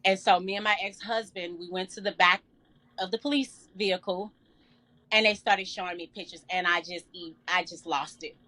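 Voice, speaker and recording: A middle-aged woman telling an emotional personal story in an interview, earnest and halting with many fillers. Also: medium pitch, fairly even intonation, pushed and bright. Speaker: guest.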